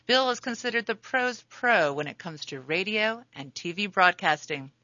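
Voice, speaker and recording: A woman's voice: mid-range voice, expressive, normal speed, pushed and bright, dry recording, muffled recording. A woman hosting a radio interview, chatting in an easygoing way about using the voice and laughing easily. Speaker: radio host.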